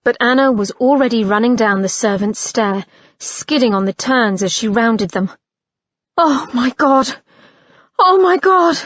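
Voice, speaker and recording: A woman narrating an audiobook in a measured, expressive reading. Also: a little high, no room sound, dull audio.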